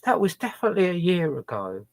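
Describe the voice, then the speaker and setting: A man's voice: high voice, sing-song, quick pace, no room sound. A man chatting casually on his livestream, rambling and hesitant, swearing heavily as he talks. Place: his own boat.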